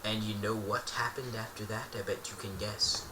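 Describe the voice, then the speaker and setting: A man's voice: on the low side, level tone, normal speed, sharp tone, slight background noise. A man telling an improvised story in a playful, rambling way, often correcting himself mid-sentence. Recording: roomy echo, distant mic.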